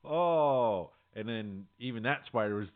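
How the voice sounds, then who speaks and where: A man's voice: fairly low pitch, a little slow. A man co-hosting a podcast, talking in a laid-back, rambling way and laughing often. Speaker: podcast co-host. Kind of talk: casual chat. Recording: tinny phone-like audio.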